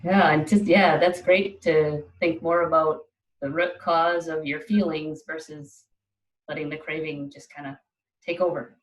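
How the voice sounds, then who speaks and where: Mujer anfitriona, afirmativa y breve. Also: female voice, low-pitched, fairly even intonation, measured pace, rough recording. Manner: supportive, brief affirmations. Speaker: summit host. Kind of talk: interview over video call.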